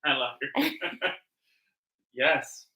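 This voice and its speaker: A man speaking off camera in a home, far from the mic, answering in a dry, reluctant way with quick laughs. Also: mid-range voice, wildly swooping pitch, pushed and bright, a little hiss or hum. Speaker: partner off camera. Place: same home room, off camera.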